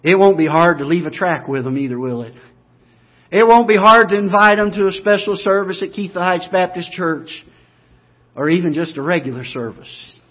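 Impassioned man preaching a sermon. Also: dull audio. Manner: builds from low and quiet to loud emphatic repetition. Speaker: pastor.

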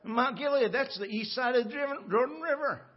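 A man's voice: very high-pitched, normal speed, slightly rough. A man preaching a sermon from the pulpit in a folksy, joking way, often checking in with the congregation. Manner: folksy, joking, talks to the congregation with frequent "okay?". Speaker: pastor. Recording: muffled church audio recording.

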